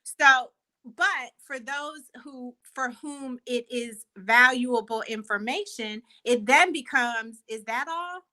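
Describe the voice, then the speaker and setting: Earnest woman guest on a video call, bright and higher-pitched, thoughtful, restarts phrases. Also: slow, low-quality recording. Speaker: guest, company co-founder. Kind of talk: casual video chat interview.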